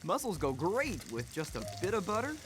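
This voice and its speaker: An ambitious young chef in an older management game, telling his story in an upbeat way. His voice sits fairly high and moves lively, with clear jazzy music under him. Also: normal speed. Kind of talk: game cutscene voice acting.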